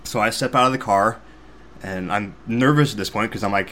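Low-voiced young man telling a story. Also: brisk, a little hiss or hum. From Missouri, USA. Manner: animated, self-deprecating, sarcastic asides. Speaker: podcast host. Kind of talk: casual storytelling chat.

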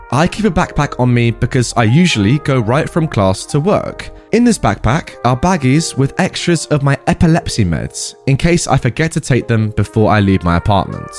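A man narrating online stories and chatting about them. His delivery is lively and full of pitch swings, and he keeps turning to his viewers with rhetorical questions. Faint music plays beneath his voice. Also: moderate pace. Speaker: story narrator. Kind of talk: reading online stories with commentary.

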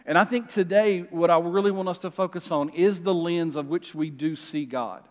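Expressive male pastor preaching. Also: a little high, normal speed, hardly any pauses. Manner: lively, expressive, jokes with the congregation. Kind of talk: sermon. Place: church sanctuary. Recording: long reverb of a church hall.

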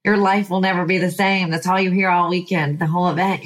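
A woman's voice: on the low side, flat delivery, fairly quick. A woman life coach telling her story in an emphatic, sighing way, with fired-up bursts. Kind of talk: motivational personal story.

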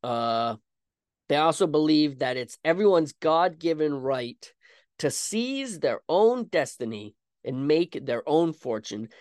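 A man's voice: fairly high pitch, sing-song, takes it slowly, a little mellow, no echo. Chatty male podcast host, dry close sound. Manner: chatty, with frequent asides and fillers. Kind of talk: casual storytelling about history.

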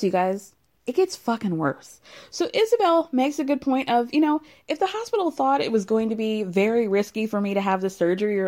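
A young adult woman recapping a reality show in a casual, animated rant, exasperated and swearing often. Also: a little high. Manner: exasperated, profane, animated ranting.

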